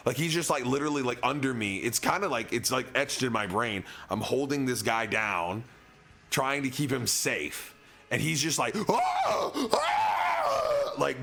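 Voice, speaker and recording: Young guy streamer rambling a story, lots of likes, kinda gravelly voice. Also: mid-range voice, pushed and bright. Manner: rambling, heavy use of filler words. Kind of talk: casual storytelling.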